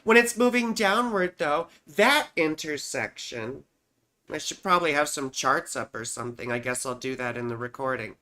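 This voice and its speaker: Low-voiced and animated, this woman talks at a moderate pace with a sharp edge to her tone. As an astrologer hosting a casual home livestream, she rambles chattily and keeps dropping "you see" and "right" into her explanations as check-ins with the listener.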